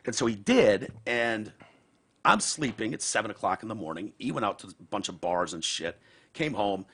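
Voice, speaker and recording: A man hosting a podcast, telling a profane story with lots of swing in his voice. His tone is gravelly and husky, with a bright, forward edge. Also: lowish voice, very animated, normal speed. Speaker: podcast host. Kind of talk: casual chat, storytelling.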